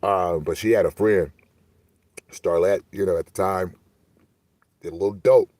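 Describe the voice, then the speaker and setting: A man from Milwaukee runs his stream and spins casual stories from his life. He talks in a loose, animated, profane way. His voice sits very low and sounds dry and close to the mic. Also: measured pace, dry recording. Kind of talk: casual storytelling monologue.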